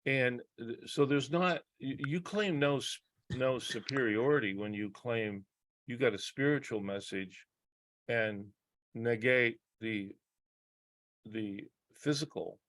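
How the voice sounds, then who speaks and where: Over a video call, a man appears as a guest psychologist in a reflective conversation. His medium-pitched voice is a bit bright, and he speaks earnestly but haltingly, often pausing and restarting.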